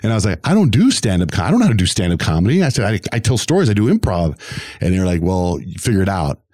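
A middle-aged man who works as a radio host tells his story in an interview. His voice sits very low and he talks at a quick clip, switching into the voices of the people he quotes. The sound is dry and close. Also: no room sound. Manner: animated, acts out quoted voices.

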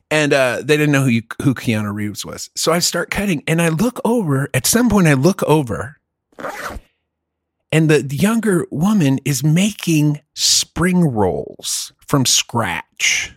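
A man telling stories in casual chat, animated and swearing, saying "dude" a lot. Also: mid-range voice, a little slow, no room sound, clean studio sound.

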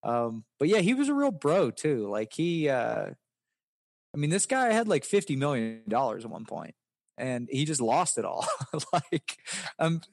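A man's voice: on the high side, big pitch swings, unhurried, creaky, a little mellow, dry recording, studio quality. A man from West Virginia with a Southern accent, a poker player answering interview questions in a rambling, casual way. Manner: rambling, many restarts and fillers.

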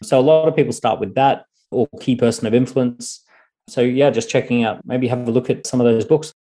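A man with an Australian accent, a guest author talking in a podcast interview, animated and thinking aloud with fillers. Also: medium pitch, brisk.

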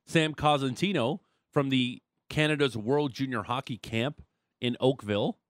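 A man's voice: mid-range voice, moderate pace, no echo, studio quality. A man hosting a sports radio show, bantering casually and reading listener texts. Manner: joking, reads texts and ad reads. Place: radio studio.

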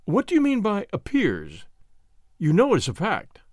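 A man's voice: high voice, wildly swooping pitch, moderate pace, darkish tone, no echo, clean studio sound, voice pushed up, exaggerated voice. A man reading an audiobook, voicing a stern police inspector who questions in an insistent, formal way. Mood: probing.

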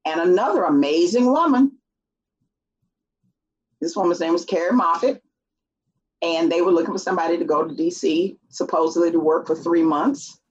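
A middle-aged woman tells a story in a relaxed interview and slips into the voices of the people she quotes. Her voice is a little husky, and the recording sounds dull and lo-fi. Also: on the low side, moderate pace, long pauses. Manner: animated, acts out quoted voices. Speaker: guest.

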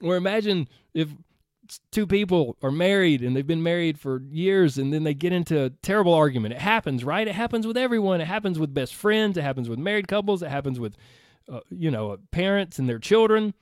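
A man's voice: fairly high pitch, lively intonation, a little fast, no echo, studio quality. A man coaching listeners through an earnest, conversational motivational talk, repeating phrases for emphasis. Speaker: health and weight-loss coach.

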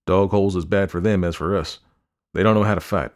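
A man's voice: deep voice, steady tone, fairly quick, lightly acted. A man voicing a blunt frontier scout who talks in a folksy dialect, read aloud in an audiobook. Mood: scornful. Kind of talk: audiobook character voice.

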